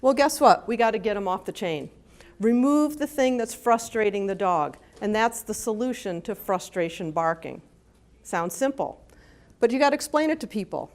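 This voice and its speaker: A woman speaking as an animal behavior consultant at a conference, talking with lively energy and now and then acting out dogs and their owners in bursts of high pitch. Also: moderate pace. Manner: lively, acts out dogs' and owners' voices with big pitch jumps. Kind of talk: conference talk. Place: conference hall.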